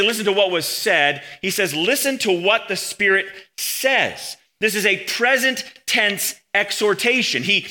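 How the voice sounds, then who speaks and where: A man's voice: a little high, sharp tone. A man preaching an expository sermon, explaining a passage in an earnest way and asking rhetorical questions.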